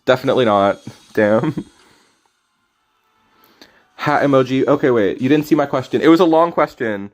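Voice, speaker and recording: Guy streaming a card game, mid-pitch, teasing his chat, yelps out when stuff happens. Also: normal speed, long pauses. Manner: casual, teasing banter with chat; sudden loud reactions. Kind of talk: live game stream commentary.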